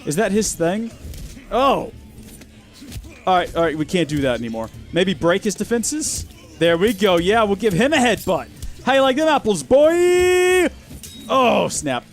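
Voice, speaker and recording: Casting: a wry gaming host, animated and slightly high voice, music playing underneath. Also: male voice, moderate pace. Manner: chatty, wry and sarcastic. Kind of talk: let's play commentary.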